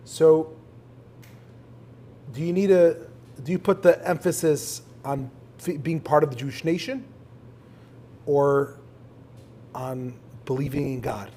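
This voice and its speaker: A man's voice: a little high, moderate pace, long pauses, dark tone, slight background noise. A man, a rabbi, interviewing a guest in front of an audience in a synagogue, telling stories with energy and quoting prayers in Hebrew. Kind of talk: live conversation before an audience.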